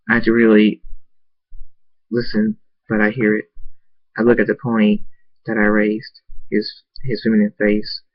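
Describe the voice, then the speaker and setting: A man's voice: on the low side, dry recording, dull audio. A man reading a fan story aloud, stumbling and restarting words often. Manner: hesitant reading with frequent restarts. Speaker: narrator.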